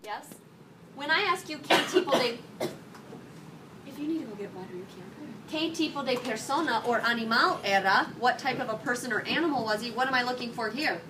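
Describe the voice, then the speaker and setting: Woman Spanish teacher, slightly high-pitched, energetic with students; recorded from afar in a noisy classroom. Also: a little fast. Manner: energetic, questioning students, mixing English and Spanish. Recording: distant mic, noisy classroom.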